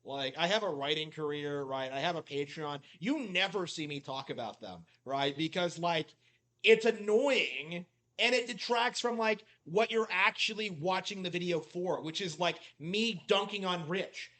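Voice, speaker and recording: A man's voice: sits high, unhurried, a bit bright. A man giving mocking reaction commentary, talking loosely and filling his sentences with "like". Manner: mocking, heavy use of "like" fillers. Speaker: commentary YouTuber.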